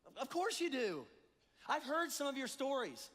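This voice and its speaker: A high-pitched man preaches a sermon in a church with a long, ringing reverb. He talks conversationally and with animation, and he slips into the voices of the congregation. His tone is casual, like he is chatting with his listeners. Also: sing-song, normal speed, a bit bright. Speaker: pastor. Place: church hall.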